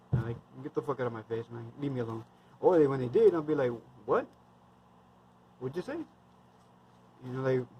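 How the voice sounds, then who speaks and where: A man's voice: mid-range voice, warm tone, a little hiss or hum, poor audio. A man in his thirties, a military veteran, telling war stories in a rambling, blunt, heavily profane casual monologue.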